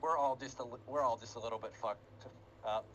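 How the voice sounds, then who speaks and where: A man with an ordinary, middle-pitched voice talks casually with his gaming friends. He rambles, pokes fun at himself and laughs between thoughts, with a light hiss under the recording. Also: fairly even intonation, a little fast, a bit bright, poor audio. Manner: rambling, self-deprecating, with fillers and laughs. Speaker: player in tabletop game group. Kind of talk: casual chat after a session.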